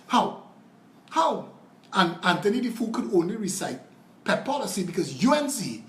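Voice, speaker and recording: A man's voice: high voice, reverberant. A man with a Trinidadian accent hosting a live political show, ranting in a combative, profane and mocking way, telling stories to make his point.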